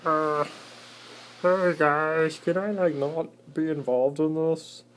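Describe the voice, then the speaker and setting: A man's voice: a little high, fairly even intonation, slow pace, a bit bright, slight background noise, pitched above the performer's own voice. A man voicing a timid male cellar spider who just wants to be left alone, meek and pleading. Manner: meek, pleading, laid-back.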